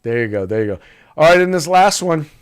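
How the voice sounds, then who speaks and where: A man's voice: a little high, animated, fast, clear, resonant tone. A man hosting a political talk podcast, chatting casually with many restarts and fillers and reading sponsor spots. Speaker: podcast host.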